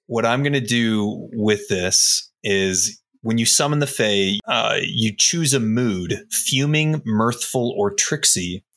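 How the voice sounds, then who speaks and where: A man's voice: fairly low pitch, slow pace, few pauses, fairly bright tone. A man playing a tabletop game, eagerly explaining his spell and its rules at length. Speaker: player. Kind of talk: casual tabletop game play.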